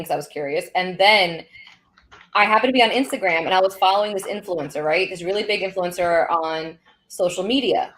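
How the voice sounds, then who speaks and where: A woman co-hosting a live podcast, telling personal stories in casual, animated chat. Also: on the low side, low-quality recording. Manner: animated storytelling with laughs. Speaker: podcast co-host. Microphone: studio podcast mic.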